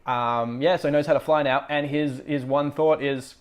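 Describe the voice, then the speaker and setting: A man's voice: on the high side, fairly even intonation, moderate pace, hardly any pauses, darkish tone. Chatty man hosting a book review. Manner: rambling, chatty, with frequent fillers and self-corrections; wry, amused asides. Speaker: book review show host. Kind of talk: casual spoken book review.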